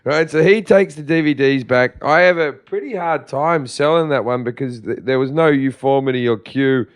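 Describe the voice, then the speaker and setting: A man co-hosting a podcast, telling a comedic story with animated energy, laughing as he goes and swearing freely. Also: medium pitch, moderate pace, smooth. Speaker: podcast co-host.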